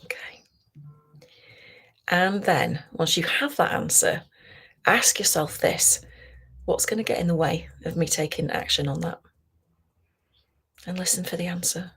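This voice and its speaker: A woman coach leading a guided tapping session, talking slowly and soothingly and often dropping to a whisper. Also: deep voice, creaky, breathy edge. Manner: slow, soothing, softly guiding with whispered phrases.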